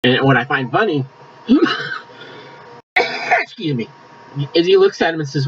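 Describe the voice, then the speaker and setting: A man's voice: a little high, expressive, slow, slightly rough, lo-fi sound. A man preaching a conversational sermon, reading scripture aloud and adding asides. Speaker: pastor.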